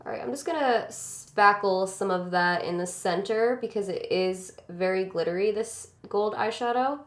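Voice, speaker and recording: A chatty woman talks her viewers through a makeup routine, casual and relaxed. Her voice sits in the middle of her range. The room around her rings with a noticeable echo. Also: mid-range voice. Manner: chatty, close to the mirror, talking while applying makeup. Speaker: beauty vlogger.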